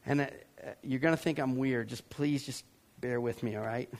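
A man from Georgia, preaching a sermon as a pastor, telling a story with animated acted-out voices. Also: medium pitch, normal speed. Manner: animated, acts out voices and yells for effect.

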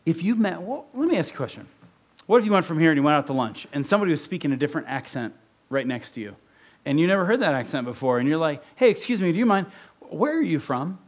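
Guy pastor from ohio, kinda high voice, talky sermon style. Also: animated, quick pace. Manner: conversational preaching with repeated "right?".

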